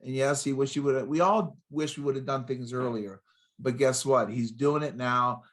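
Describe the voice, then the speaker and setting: An excitable older man in his sixties talks as a motivational speaker, his voice sitting in an ordinary middle pitch. He rattles off rhyming catchphrases and punchy lines, hopping from one story to the next in a lively podcast chat. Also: moderate pace. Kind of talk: energetic podcast interview.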